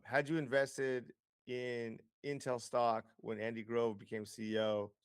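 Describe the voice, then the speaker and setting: A man's voice: lowish voice, clear, resonant tone, dry recording, clean studio sound. A man as an interview guest, explaining investing with lots of figures, fillers and restarts. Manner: explanatory, data-heavy, frequent fillers and restarts.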